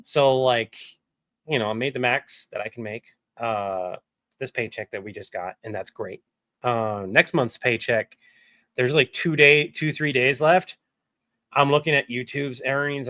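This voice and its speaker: A man's voice: mid-range voice, sharp tone, no room sound. A man chatting casually on a livestream from his home setup, rambling candidly and swearing now and then. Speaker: streamer and voice actor.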